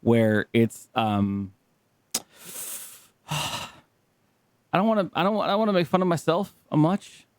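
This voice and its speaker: A man co-hosting a podcast in casual banter, excitable, laughing often and swearing freely. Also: a little high, takes it slowly, pauses often, clear, resonant tone, no echo. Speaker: podcast co-host.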